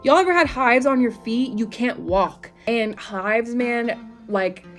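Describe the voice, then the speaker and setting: A woman's voice: fairly high pitch, takes it slowly, faint music behind. A woman in her twenties chatting at home, telling her story to viewers in a casual, talkative way. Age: 20s. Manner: chatty, addresses viewers as y'all. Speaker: vlogger.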